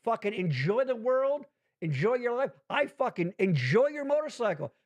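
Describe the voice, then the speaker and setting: A man hosting a podcast, rambling in casual profane chat with big swings in pitch. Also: moderate pace. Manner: rambling, swears constantly, animated swings in pitch. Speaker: podcast host.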